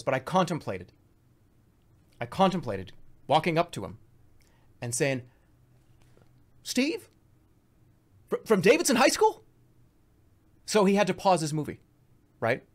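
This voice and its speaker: Animated man rambling on a stream. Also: mid-range voice, fast talker, long pauses. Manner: animated, storytelling, swearing, playing voices.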